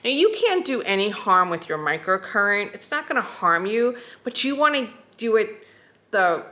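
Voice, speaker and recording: Bright-voiced woman demonstrating skincare. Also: medium pitch, normal speed. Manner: calm, talks through each step as she does it. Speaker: skincare instructor. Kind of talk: casual step-by-step demonstration.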